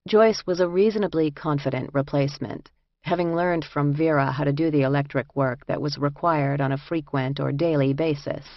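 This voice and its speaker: A woman with a low voice reads a first-person audiobook in an even, measured way. The recording is dry and close, with a slightly dull, muffled tone. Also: no room sound. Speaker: audiobook narrator.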